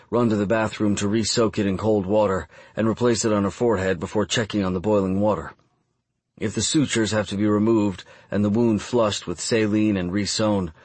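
Man, audiobook narrator, first-person storytelling, measured delivery, husky tone, dry recording. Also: lowish voice, dry recording.

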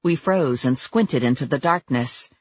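A woman narrating a first-person audiobook in a lively, expressive way. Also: very deep voice, measured pace, slightly rough, highs cut off.

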